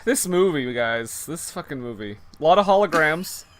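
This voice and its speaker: A man's voice: on the high side, normal speed, crowd noise. Laughing man recapping a movie plot. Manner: animated storyteller, laughs a lot. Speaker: podcast co-host. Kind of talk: casual movie-review chat.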